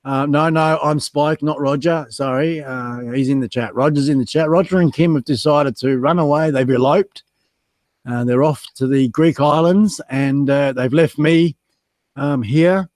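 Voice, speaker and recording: A man's voice: fairly high pitch, unhurried, a little mellow, no echo. An Australian man hosting a casual livestream chat, reading out the chat and joking about being stood up, with lots of ums and uhs. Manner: chatty, self-mocking, reads chat aloud with many ums. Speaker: livestream guest host.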